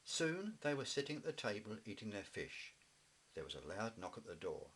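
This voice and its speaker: A man reading a children's story aloud in a gentle, expressive way. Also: on the low side, moderate pace, a little hiss or hum, poor audio. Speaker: narrator.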